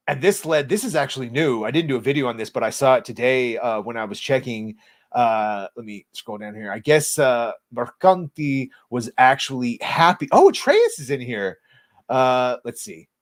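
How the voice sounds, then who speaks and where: A man co-hosting a podcast in loose, profane chat with a sarcastic, rambling delivery. His voice sits in an ordinary middle pitch. The sound is dry and close. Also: big pitch swings, normal speed, no room sound. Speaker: podcast co-host. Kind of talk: casual chat.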